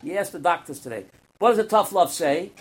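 A man's voice: high-pitched, animated, a little fast, slightly rough. A man giving a Torah class as a rabbi, quizzing his students and acting out parables.

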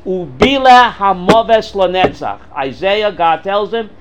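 Animated high-voiced male Bible teacher. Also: slow pace, background noise. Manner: animated, quizzing students with questions. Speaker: Torah teacher. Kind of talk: classroom Bible lesson.

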